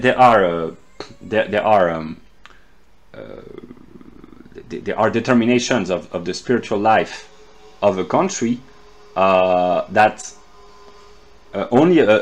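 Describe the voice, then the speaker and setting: A man from France with a French accent, speaking English as a second language and giving an unscripted philosophy lecture, often halting and repeating words. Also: on the low side.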